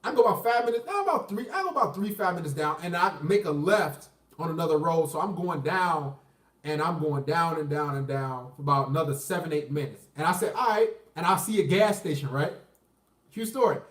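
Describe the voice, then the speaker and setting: A man's voice: on the high side, lively intonation, brisk, echoey room, distant mic. A man casually telling a personal story, profane and boastful, rambling with many restarts.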